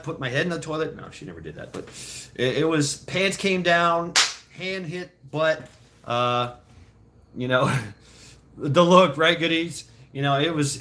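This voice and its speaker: A man's voice: fairly high pitch, lively intonation, normal speed, sharp tone. A man telling childhood stories casually to a live chat, laughing often and swearing freely. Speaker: streamer.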